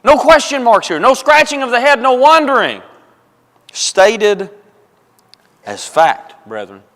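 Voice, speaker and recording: Emphatic preacher in a reverberant church. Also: male voice, extremely high pitch, very animated, unhurried, fairly bright tone. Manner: emphatic, repeats phrases for stress, addresses congregation as folks. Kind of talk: sermon. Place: church auditorium. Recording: long reverb of a church hall.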